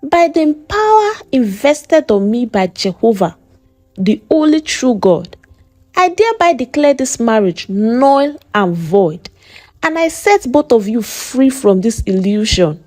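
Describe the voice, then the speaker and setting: A woman puts on a stern Nigerian church mother, a widow who lectures her daughter with mocking sarcasm and preacher-like verses. Her voice sits high and swings widely, slow and deliberate in a dry, close storybook narration. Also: sing-song, a little mellow, no echo. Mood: preachy scolding. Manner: mocking, sermon-like scolding.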